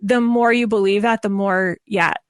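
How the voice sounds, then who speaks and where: A woman speaking as a parenting coach guest in a podcast interview, earnest and animated, often restarting her sentences. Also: mid-range voice, normal speed, no room sound, clean studio sound.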